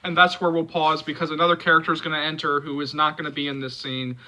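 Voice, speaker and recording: A man hosting a movie fan channel, reading a book excerpt aloud and then chatting casually about it in an animated way. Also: on the high side, quick pace, low-quality recording. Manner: animated, expressive.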